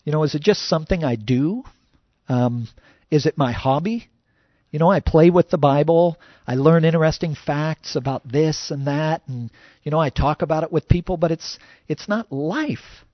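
A man's voice: on the high side, moderate pace, no room sound, muffled recording. A man preaching a sermon as a pastor, conversational and full of "you know" fillers.

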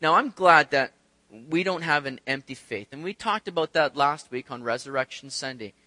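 Bright-voiced male pastor preaching. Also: fairly high pitch, expressive, moderate pace, no room sound. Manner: conversational preaching, acts out voices in the stories. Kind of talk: sermon. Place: church sanctuary.

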